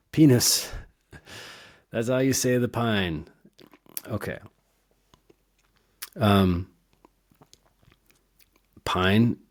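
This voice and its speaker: A man hosting an herbal podcast, talking in a rambling, playful way and laughing at his own wordplay. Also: deep voice. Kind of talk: casual educational monologue.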